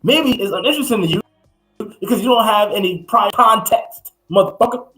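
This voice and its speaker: Bright, high-pitched ranting man. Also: expressive, a little fast, faint music behind, poor audio. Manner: heated, ranting, profane. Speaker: podcast co-host. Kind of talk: casual reaction commentary.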